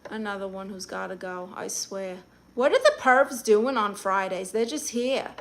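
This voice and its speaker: A woman's voice: mid-range voice, moderate pace, fairly bright tone, a little hiss or hum. A woman hosting a live stream, reading viewers' comments aloud and answering them in a sassy, blunt, teasing way.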